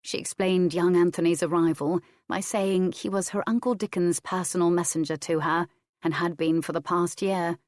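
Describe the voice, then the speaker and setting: A woman narrating an audiobook in a low, steady voice. Her reading is measured and even, and the recording is dry and close, with no room sound. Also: dry recording. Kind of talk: scripted narration.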